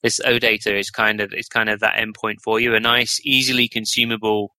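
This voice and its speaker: Very bright-toned enthusiastic man. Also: fairly low pitch, level tone, fairly quick, no echo. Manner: rambling, enthusiastic, many restarts. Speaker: guest developer. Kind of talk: casual podcast chat.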